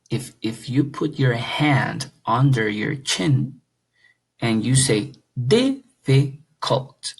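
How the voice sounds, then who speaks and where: A man's voice: medium pitch, vocal fry, breathy edge, low-quality recording. A man teaching an English grammar lesson, explaining patiently and checking understanding with questions.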